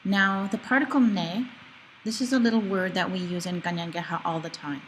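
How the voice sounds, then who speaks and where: A woman teaching a recorded language lecture with a somewhat low voice. She explains each word patiently and slows down to model its pronunciation. A faint hiss sits under the recording. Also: fairly even intonation, rough recording.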